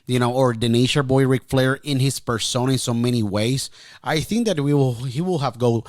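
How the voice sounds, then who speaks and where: A man's voice: mid-range voice, moderate pace, a little mellow. A man hosting a casual interview, chiming in with short agreements and his own opinions. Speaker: interview host.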